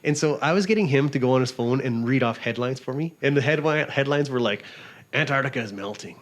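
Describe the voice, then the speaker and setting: A Canadian man, a travel writer, talking as a guest in a casual interview, rambling through animated stories, laughing often and acting out what people said to him. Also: mid-range voice, fast talker.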